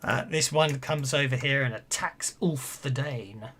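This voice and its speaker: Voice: mid-range voice, unhurried, a bit bright, a little hiss or hum. Chuckling game master. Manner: chuckling, hesitant, many restarts. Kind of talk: running a tabletop game online.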